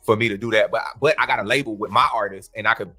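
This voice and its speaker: A man's voice: lowish voice, pushed and bright, husky. A man who runs a music label, talking confidently and casually about his own business approach. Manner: fast, confident, street-casual. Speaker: music label owner guest. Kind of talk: casual conversation.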